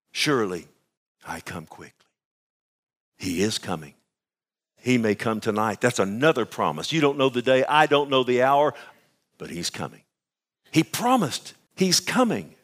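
A man preaching a sermon with fervor, dropping to hushed whispers at times and rising again. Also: mid-range voice. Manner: fervent, swings from loud to hushed whispers.

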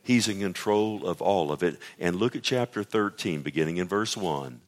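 A man preaching a sermon. He teaches the text conversationally, acts out its lines in a lively voice, and asks the congregation for agreement. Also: low voice, moderate pace.

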